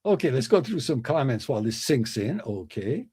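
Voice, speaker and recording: A man's voice: sing-song, moderate pace, dark tone, breathy edge, no echo. A middle-aged man hosting a livestream, reading comments and telling jokes with a chuckle. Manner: chuckling, acts out joke voices with big pitch swings. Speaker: livestream host.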